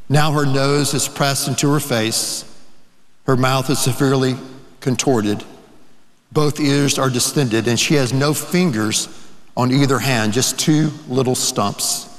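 A priest delivers a sermon story in a slow, solemn voice, letting words hang in long pauses. His voice sits at an ordinary pitch for a man, and it rings out with a long reverb, like in a big hall.

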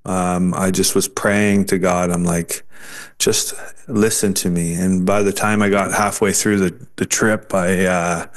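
A male guest recounting a personal turning point with sincere feeling. He speaks in a fairly low voice, pausing and restarting as he goes. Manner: earnest, halting, with restarts. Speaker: interview guest. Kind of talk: personal testimony storytelling.

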